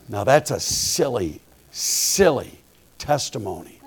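A male preacher telling a humorous story from the pulpit, quiet and folksy one moment and loud and fired up the next. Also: on the high side, very animated, normal speed, slightly rough. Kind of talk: storytelling sermon.

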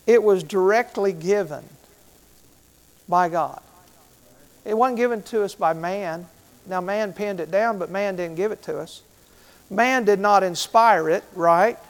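A middle-aged man preaching a sermon as pastor, who asks the congregation questions and repeats key phrases. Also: high-pitched.

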